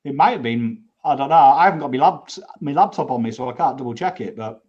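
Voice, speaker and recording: A man's voice: mid-range voice, lively intonation, fast, slightly rough. A man co-hosting a casual footy chat, with laid-back, joking banter. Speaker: co-host. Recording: muffled lo-fi remote line.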